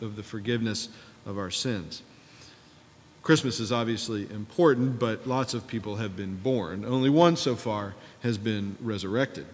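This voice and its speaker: Conversational preacher in an echoing sanctuary. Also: male voice, medium pitch. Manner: conversational storytelling preacher, wry asides. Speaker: pastor. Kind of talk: sermon.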